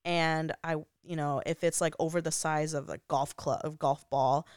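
A woman's voice: low-pitched, fairly even intonation, moderate pace, darkish tone, clear, resonant tone, no echo, clean studio sound. A young woman vlogger telling a personal story in a casual, chatty way, full of "like" fillers and frequent laughs. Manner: laughs often while talking.

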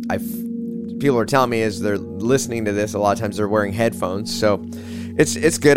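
Low-voiced man teaching prayer over spa music. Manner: relaxed, halting, with many fillers and restarts; slow, drawn-out meditative reading. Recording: spa music playing behind. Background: soft spa music.

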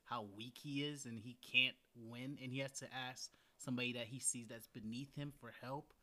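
A young man in casual chat, animated and teasing, laughing often and swearing freely. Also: medium pitch, normal speed.

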